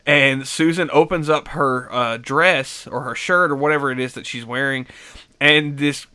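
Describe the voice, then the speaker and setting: A man's voice: mid-range voice, steady tone, moderate pace, sharp tone, clean tone. A man giving a casual, rambling film review, full of fillers and restarts. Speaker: movie reviewer.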